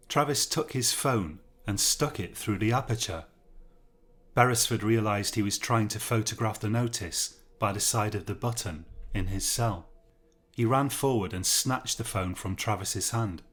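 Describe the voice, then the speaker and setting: A male narrator reading a horror story aloud in scripted style. His voice sits on the lower side and moves at a measured, steady storytelling pace.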